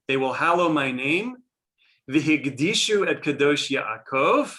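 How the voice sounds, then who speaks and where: A man's voice: fairly high pitch, fairly bright tone. A man teaching a class on a prayer text, explaining as he goes and often restarting his sentences. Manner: explanatory, thinking aloud with many restarts.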